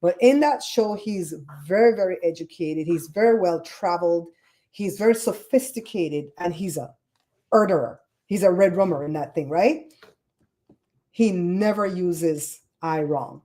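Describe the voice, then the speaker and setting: A woman with a Caribbean accent hosting a casual livestream show, chatty and animated as she tells stories and rants about grammar. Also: fairly low pitch, measured pace. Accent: Caribbean English. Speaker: podcast host. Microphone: streaming setup microphone.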